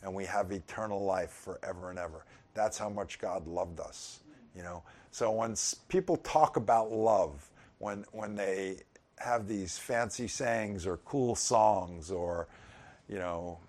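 Low-voiced man preaching casually. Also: darkish tone. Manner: conversational, chuckling asides. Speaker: pastor. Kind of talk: informal sermon.

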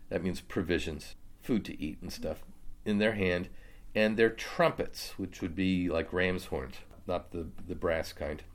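A man's voice: sits low, moderate pace. A man teaching a Bible study, reading scripture aloud and then explaining it casually.

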